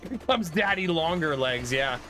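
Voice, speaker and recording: High, bright-voiced male game streamer. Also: expressive, moderate pace, soft background music. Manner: chatty, laughs often, reads out viewer comments. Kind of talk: casual live-stream chat.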